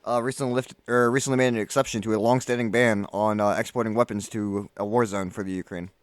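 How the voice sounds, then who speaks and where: A man's voice: on the low side, fairly even intonation, fast talker, no room sound. A man in casual podcast chat, explaining current events at length with many fillers and restarts. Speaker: podcast co-host.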